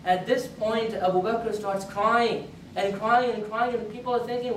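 A man's voice: sits high, steady tone, moderate pace, slight background noise. A man giving a Friday sermon as a story, in an earnest tone, repeating phrases and lifting his voice for quoted words. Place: mosque prayer hall. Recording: echoey hall, voice from a distance.

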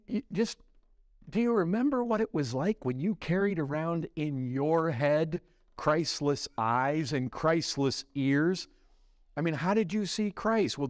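Animated man preaching a sermon. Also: no room sound, studio quality. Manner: animated preaching, swings between loud exclamations and hushed low lines. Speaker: pastor.

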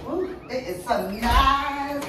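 A woman's voice: high voice, slow pace, very echoey, far from the mic, background noise. A woman arguing with her boyfriend, blunt and scolding with heavy cursing. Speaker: girlfriend in prank video. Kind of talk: heated couple argument.

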